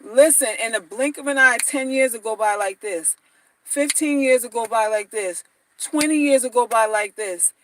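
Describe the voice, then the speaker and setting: Blunt high-voiced woman vlogger. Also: moderate pace, fairly bright tone, a little hiss or hum, low-quality recording. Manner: blunt, slangy, repetitive, mocking. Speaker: dating advice vlogger. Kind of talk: casual monologue to viewers.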